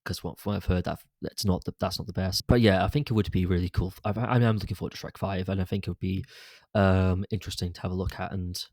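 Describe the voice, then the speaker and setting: A man's voice: deep voice, steady tone, fast, darkish tone, dry recording. A man hosting a solo podcast, chatting casually and rambling through candid film opinions with plenty of fillers and restarts. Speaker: podcast host. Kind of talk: casual solo podcast chat about films.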